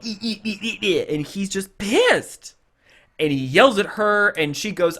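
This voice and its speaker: A man's voice: a little high, slow. A man co-hosting a podcast, casually reviewing a TV episode and acting out its scenes as he retells them. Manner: animated retelling, acting out quotes. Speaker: podcast co-host.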